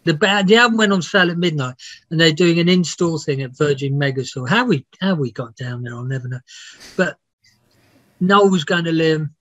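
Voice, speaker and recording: A man's voice: fairly high pitch, a little fast, fairly bright tone, dry recording. A man, a music biographer, telling rambling, laughing anecdotes with some swearing in a casual interview. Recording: dull, dry lo-fi sound.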